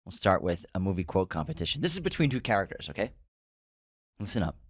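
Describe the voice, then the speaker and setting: A man's voice: deep voice, sing-song, fast, husky, no room sound, clean studio sound. A man co-hosting a podcast, a playful quizmaster who laughs often in casual chat. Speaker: podcast co-host.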